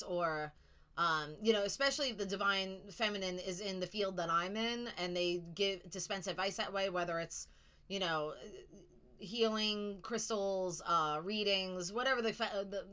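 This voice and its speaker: Bright-voiced sassy tarot reader woman. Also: mid-range voice. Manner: blunt, sassy, swears casually. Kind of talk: casual psychic reading monologue.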